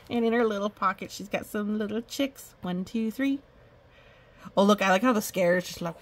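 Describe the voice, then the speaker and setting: A woman's voice: a little high, animated, a little fast. A woman reading a children's picture book aloud, chatting and delighting over the illustrations. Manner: chatty, amused, commenting on pictures. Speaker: storybook reader.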